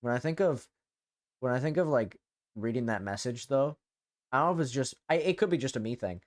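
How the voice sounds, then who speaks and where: Streaming as a VTuber, this man keeps the talk loose and rambling, cursing freely as his thoughts wander. His mid-pitched voice is expressive and brisk.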